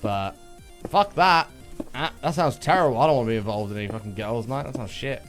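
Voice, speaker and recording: Over soft background music, a man chats with his stream audience while gaming, joking around and cursing a lot. His voice sits at medium pitch and moves fairly quickly.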